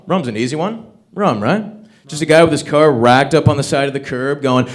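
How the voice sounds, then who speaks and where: A man's voice: mid-range voice, lively intonation, moderate pace. A man doing a crude, swearing stand-up set at an open mic, ranting in punchy bursts into a stage microphone. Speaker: stand-up comedian. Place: comedy open mic venue.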